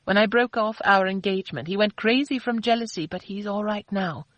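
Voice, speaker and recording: A woman narrator voicing a spirited, quick-tempered young woman who answers back with sharp, indignant retorts. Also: mid-range voice, no echo, natural voice, rough recording. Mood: defiant.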